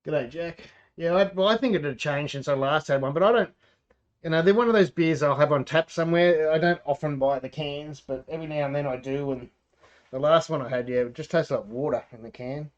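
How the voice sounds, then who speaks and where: A man's voice: on the high side, fairly quick. An Australian man hosting a home brewing livestream, chatting casually, talking to himself and answering viewers while he works. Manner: rambling, talks to himself and reads out chat. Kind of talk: casual live-stream chat while brewing. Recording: slightly dull lo-fi sound.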